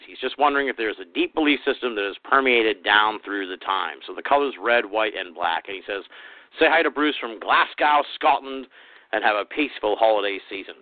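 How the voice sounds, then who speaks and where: A man's voice: fairly low pitch, no echo. A man hosting a podcast, chatting casually and reading out listener questions with plenty of fillers. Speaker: podcast host. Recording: tinny phone-line sound, dry.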